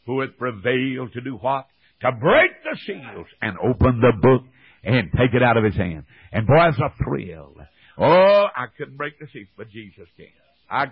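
A man's voice: mid-range voice, husky, dry recording. A man preaching a fervent revival sermon, calling for amens in folksy speech. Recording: dull old radio broadcast.

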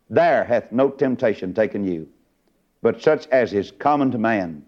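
A middle-aged preacher, delivering a fiery sermon and swinging from loud highs to low asides. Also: male voice, expressive, measured pace. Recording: dull lo-fi recording.

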